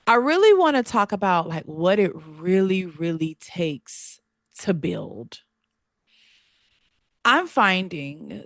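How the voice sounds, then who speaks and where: A woman in her thirties from North Carolina with a Southern US accent, hosting a solo podcast in a chatty, animated way. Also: fairly low pitch, dry recording, clean studio sound. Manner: animated, chatty, laughs often, heavy use of "like" and "baby". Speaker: podcast host. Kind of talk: casual solo podcast talk. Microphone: podcast mic.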